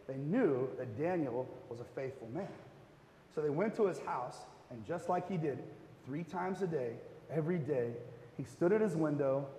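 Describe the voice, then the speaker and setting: A man's voice: a little high, dark tone, slight background noise. A male pastor preaching a sermon in a casual, conversational way with filler words. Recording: echoey hall reverb.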